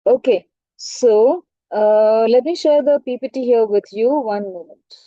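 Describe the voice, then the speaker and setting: High-voiced woman teaching an online class. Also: unhurried, dry recording, highs cut off. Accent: Indian English. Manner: interactive, asks the class questions. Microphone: online class audio.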